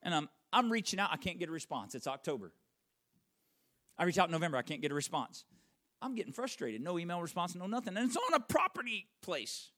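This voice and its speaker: Middle-aged male pastor, lively pitch, builds loud then drops to a hush. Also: quick pace. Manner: swings from loud emphatic peaks to hushed, near-whispered lines. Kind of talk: sermon storytelling.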